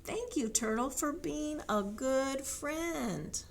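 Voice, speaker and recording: A woman voicing a grateful, friendly male pig in a children's picture book, speaking in a warm, gentle storybook voice. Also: sits high, lively intonation, slow pace, vocal fry, a little hiss or hum, pitched above the performer's own voice, full character voice.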